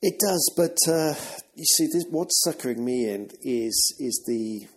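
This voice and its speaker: Man, English accent, podcast co-host, casual chat, teasing, mid pitch. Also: animated, measured pace. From England. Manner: joking, teasing banter.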